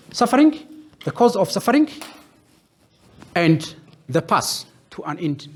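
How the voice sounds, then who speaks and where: A man lectures to a class, setting out ideas as lists of single words with pauses between them. His voice sits a little high and has a husky edge. He often asks a question and answers it himself. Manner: lists terms one by one with pauses.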